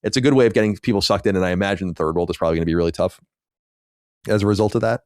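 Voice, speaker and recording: A man's voice: deep voice, rapid-fire, smooth, no room sound, studio quality. A man co-hosting a podcast, chatting casually and rambling, with many restarts and fillers. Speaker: podcast co-host. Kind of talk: casual chat.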